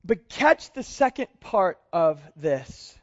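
A man's voice: sits high, big pitch swings, slow pace. A male pastor preaching a sermon in a conversational way, chuckling often as he explains scripture. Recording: dull lo-fi sound.

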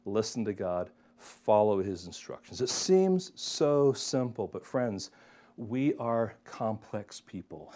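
A man's voice: fairly low pitch, a little mellow. A man preaching a sermon, who calls his listeners friends and keeps asking them rhetorical questions. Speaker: pastor.

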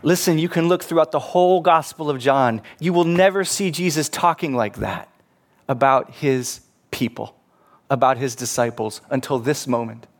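A man preaching a sermon as a pastor, earnest, slowing down to stress quoted scripture. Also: medium pitch.

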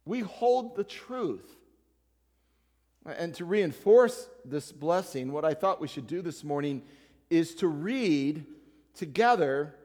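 A man preaching a sermon as pastor, in a conversational style, joking with and addressing members of the congregation by name. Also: a little high. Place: church sanctuary. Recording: long hall reverb.

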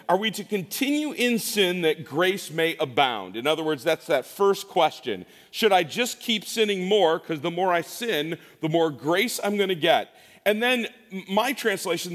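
A man's voice: a little high, fairly bright tone. A middle-aged man preaching a casual, joking sermon as pastor in a church, with frequent restarts. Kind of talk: conversational sermon. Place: church sanctuary. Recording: long church reverb.

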